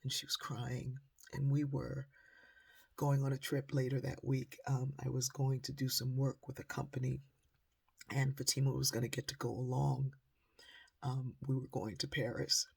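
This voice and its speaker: A middle-aged woman with a husky voice telling a personal story in an animated, dramatic way. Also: extremely low pitch, moderate pace. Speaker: motivational speaker.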